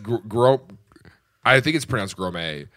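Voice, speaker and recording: Teasing man with a lively voice. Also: on the low side, unhurried. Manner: teasing, sarcastic, joking. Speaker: podcast co-host. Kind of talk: casual banter.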